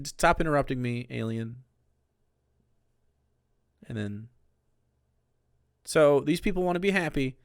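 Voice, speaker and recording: A man streaming live, giving casual, sarcastic, rambling commentary with animated bursts. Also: medium pitch, moderate pace, long pauses, clear, resonant tone, no echo, studio quality.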